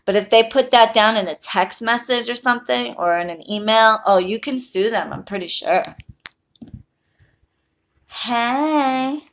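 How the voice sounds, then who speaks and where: A woman who practises witchcraft, talking casually and heatedly to her viewers on a livestream, full of swearing and blunt talk. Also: medium pitch. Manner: chats with viewers. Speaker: online witch and spell practitioner.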